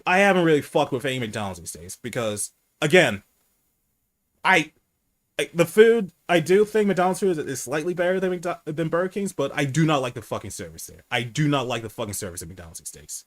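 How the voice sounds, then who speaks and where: A man's voice: very animated, fairly quick, fairly bright tone. Profane, rambling man hosting a stream. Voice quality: speaks low. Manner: candid, profane, rambling with restarts. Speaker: animator hosting a livestream chat. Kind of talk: casual livestream chat.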